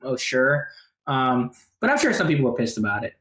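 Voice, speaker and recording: A man's voice: mid-range voice, big pitch swings, brisk, a bit bright, reverberant. A man co-hosting a podcast in casual chat, rambling with many fillers and saying "dude" often. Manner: rambling, filler-heavy, says "dude" a lot. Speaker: podcast co-host.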